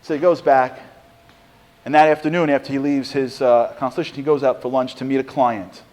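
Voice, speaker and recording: Speaking a little fast in a mid-range voice, a middle-aged man delivers a Torah talk built around a story. He performs the quoted lines with animation and lets the intensity climb steadily.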